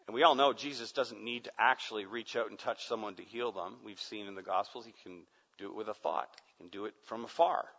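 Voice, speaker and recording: Male pastor, dramatic sermon delivery, bright tone, reverberant muffled hall recording. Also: lowish voice, brisk, few pauses. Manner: dramatic, swings from hushed to loud shouting.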